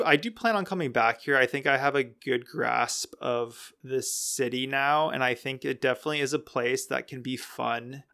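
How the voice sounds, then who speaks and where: A young man hosting a casual solo podcast, talking in a relaxed, rambling way that often corrects itself. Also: mid-range voice, creaky. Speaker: podcast host.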